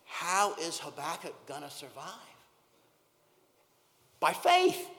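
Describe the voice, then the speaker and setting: A man's voice: fairly high pitch, lively intonation, moderate pace. Earnest preacher man in echoing hall. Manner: earnest, repeats words, swings from loud emphasis to near-whisper. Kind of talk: sermon. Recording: long hall reverb.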